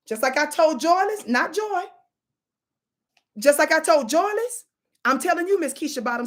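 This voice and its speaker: A woman's voice: sits high, lively intonation, normal speed, long pauses. A woman giving sassy, scolding commentary on video clips, full of dramatic asides. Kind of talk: animated commentary chat.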